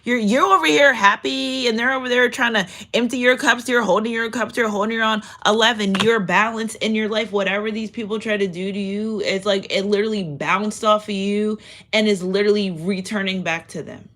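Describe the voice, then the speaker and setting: A woman of middling pitch gives a casual spiritual tarot reading, speaking straight to her viewers. She is emphatic and swears freely, her loudness swinging up and down for emphasis. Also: fairly even intonation, brisk. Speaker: tarot reader.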